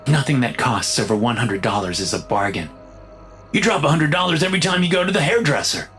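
A man voicing a skeptical, sharp-tongued wife who talks in a dry, scolding way. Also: medium pitch, fairly quick, faint music behind, voice pushed up, lightly acted.

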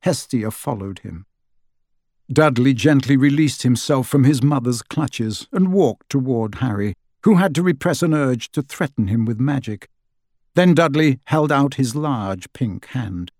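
A man narrating an audiobook in an expressive storytelling manner, close to the mic. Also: mid-range voice, unhurried, dry recording. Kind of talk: scripted narration.

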